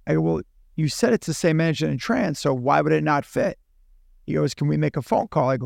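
A man's voice: a little high, fast talker, creaky, dry recording, clean studio sound. A man, a podcast guest, telling a long anecdote in casual chat and acting out both sides of the dialogue. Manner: animated, acts out dialogue in his own voice. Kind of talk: casual storytelling.

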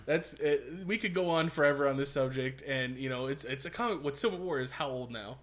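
A man in casual podcast chat, arguing his side calmly with hesitant restarts. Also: mid-range voice, fairly quick. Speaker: podcast co-host.

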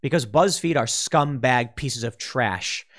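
A man's voice: medium pitch, unhurried, fairly bright tone. A man hosting a political commentary show, talking in a heated, ranting way with mocking asides. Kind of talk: opinionated solo commentary.

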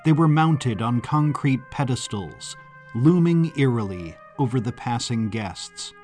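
A man narrating a story in a measured, descriptive way. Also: mid-range voice, animated, a little mellow. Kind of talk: scripted audiobook narration. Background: faint background music.

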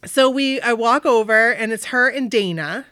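A woman's voice: on the high side, normal speed, no echo, studio quality. A woman from Maine telling a story in casual chat. She acts out what people said and fills her talk with "like". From Maine, USA. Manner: animated, acts out quoted voices, many "like" fillers.

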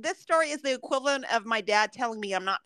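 A woman co-hosting a podcast, reacting with loud, laughing, profane outbursts and quick stories. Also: on the high side, animated, no echo. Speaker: podcast co-host. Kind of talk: casual chat.

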